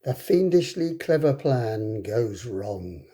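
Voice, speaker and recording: A man reading a children's book aloud to a class, with expressive, dramatic delivery. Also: mid-range voice, takes it slowly. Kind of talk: storybook read-aloud. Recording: echoey room.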